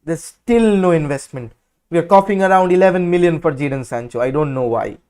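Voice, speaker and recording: A man hosting a football watch-along, giving live match commentary in an excitable, blunt and outspoken way. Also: a little high, a little fast.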